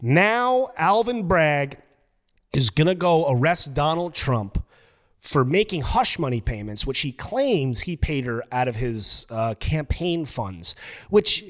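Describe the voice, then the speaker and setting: Animated, swearing podcast man. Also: mid-range voice, measured pace. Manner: animated, profane, emphatic. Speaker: podcast host. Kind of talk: casual podcast rant.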